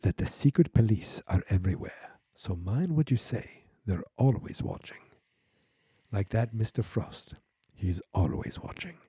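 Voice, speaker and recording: A man voicing a stern, secretive older woman neighbor who speaks in a hushed, warning tone. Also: mid-range voice, big pitch swings, normal speed, husky, no room sound, clean studio sound.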